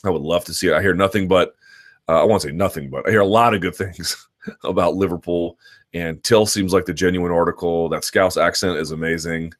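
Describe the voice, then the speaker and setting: A man's voice: low-pitched, steady tone, fairly quick. A man hosting an unscripted live-stream chat about combat sports, analytical and emphatic, talking in long, looping sentences with restarts and repetitions.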